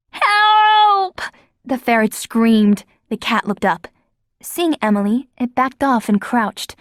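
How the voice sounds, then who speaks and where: A woman narrating an audiobook in a lively, expressive storytelling manner. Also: medium pitch, no echo, studio quality. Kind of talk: scripted narration.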